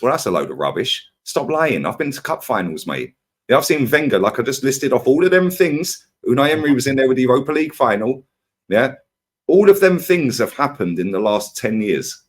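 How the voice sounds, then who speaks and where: A man's voice: medium pitch, fairly quick, breathy edge. A man ranting in a heated football fan debate, firing rhetorical questions at his co-host. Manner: ranting, animated, rhetorical "yeah?" and "right?".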